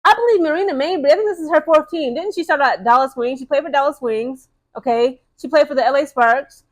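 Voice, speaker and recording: A young woman vlogger chatting excitedly to her viewers about women's basketball, full of slang and fillers. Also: high voice, fast talker. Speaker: sports vlogger. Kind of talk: casual chat to camera.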